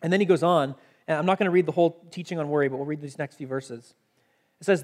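A man's voice: fairly high pitch, racing. A man preaching a sermon as pastor, conversational and earnest, reading scripture aloud between his own explanations.

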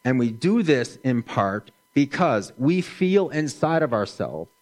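A middle-aged man preaching a sermon in a slow, gentle, measured way, dropping his voice softly for emphasis. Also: medium pitch, sing-song. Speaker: pastor.

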